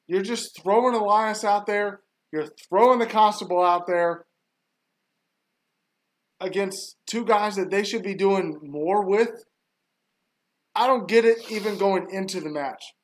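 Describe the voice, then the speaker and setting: A man with a high, light voice hosts a live watch-along stream. His talk is casual and loose. He airs strong opinions and grumbles freely about what is happening on screen. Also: slow, long pauses. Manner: opinionated, griping about the booking.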